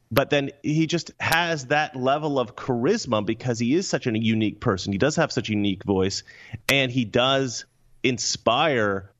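Man, American, co-host, relaxed, thoughtful, hesitant, dull lo-fi audio. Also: medium pitch. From United States. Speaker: podcast co-host. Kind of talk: casual film discussion.

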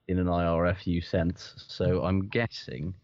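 A man's voice: deep voice, little pitch movement, a little slow, darkish tone, no echo, dull audio. A man co-hosting a podcast, chatting casually about sport, rambling, swearing and laughing often. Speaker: podcast co-host.

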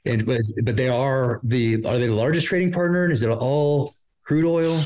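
A man hosting a podcast, asking halting questions full of fillers and restarts. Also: mid-range voice, fairly even intonation, a little mellow. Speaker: podcast host. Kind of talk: interview questions.

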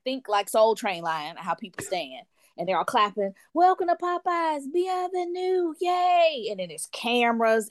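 A woman telling a long story in an animated, casual way, and she acts out other people's lines in playful voices. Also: mid-range voice, no room sound, studio quality. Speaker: guest storyteller. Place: lives in France.

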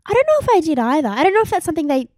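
A woman's voice: sits high, very animated, very fast, darkish tone, dry recording, clean studio sound. A young Australian woman co-hosting a podcast in an easygoing, casual chat, laughing often. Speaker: podcast co-host.

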